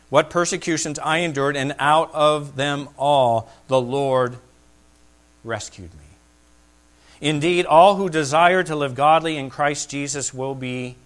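A middle-aged male pastor preaching a sermon, swinging between loud, excited peaks and hushed, quiet asides. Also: medium pitch.

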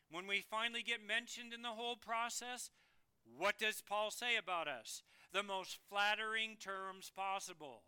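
A man preaching a sermon as pastor, emphatic and building to loud, forceful passages. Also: high voice, smooth. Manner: emphatic, rising to loud bursts.

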